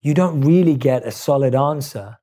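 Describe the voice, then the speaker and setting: A man's voice: medium pitch, moderate pace, mellow. A man hosting a podcast interview, affirming his guest's points and asking reflective questions. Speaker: podcast host. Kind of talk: interview conversation.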